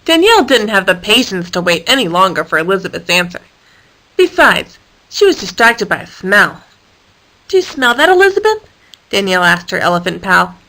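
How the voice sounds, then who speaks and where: Playful, lively woman reading a storybook. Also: fairly low pitch, fairly quick, low-quality recording. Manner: playful and expressive. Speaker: storyteller for a homeschool course. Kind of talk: storybook read-aloud narration.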